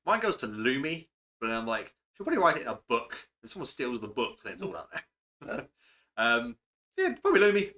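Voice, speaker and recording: Brief: young guy, fast and bright, rambling casual chat as a game master. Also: medium pitch, wildly swooping pitch. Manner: chatty, rambling, swears casually. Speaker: game master answering questions.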